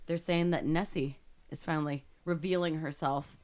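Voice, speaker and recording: A woman's voice: low voice, fairly even intonation, moderate pace, a little mellow. Woman co-host reading quirky news. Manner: teasing, reads headlines with playful emphasis. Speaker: radio show co-host. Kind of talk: casual chat reading news stories. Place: spare bedroom at home. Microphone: home livestream setup.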